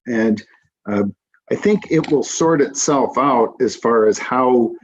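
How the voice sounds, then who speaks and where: Slow and medium-pitched, a male council member addresses a city meeting in a frank, dry manner. He's hesitant, with frequent restarts and fillers, and the audio is lo-fi and a little dull.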